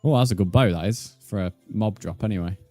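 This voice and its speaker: With a lowish, darkish voice and a brisk pace, a male streamer talks casually to his audience while gaming, calling them mate. Soft music plays in the background, and his manner is laid-back and chatty.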